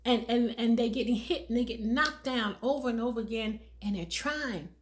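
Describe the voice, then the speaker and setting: A woman's voice: fairly high pitch, moderate pace. A middle-aged woman talking earnestly to viewers as a caregiver and awareness speaker, repeating phrases for emphasis. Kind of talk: heartfelt personal talk to viewers.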